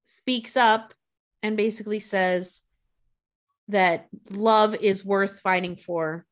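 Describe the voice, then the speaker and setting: A woman's voice: medium pitch, slow pace. A woman casually retelling a movie plot with frequent swearing, acting out the characters' lines. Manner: profane, animated retelling with quoted voices.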